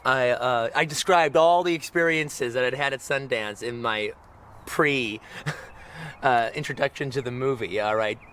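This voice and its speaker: A man telling an animated, profane anecdote in an interview, often checking in with "all right?". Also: medium pitch, unhurried, smooth.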